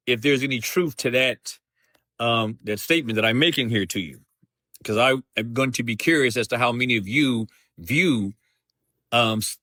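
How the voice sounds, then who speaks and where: A man hosting a live Bible study, reading scripture aloud and explaining it in a slow, deliberate way, often restating himself. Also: medium pitch, bright, forceful tone, no echo, clean studio sound. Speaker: host of a Bible study show.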